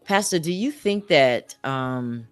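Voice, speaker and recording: Low-voiced woman host, affirming and searching. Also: lively intonation, slow, clean tone, dry recording. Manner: affirming, searching questions with restarts. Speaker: show host. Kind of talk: interview.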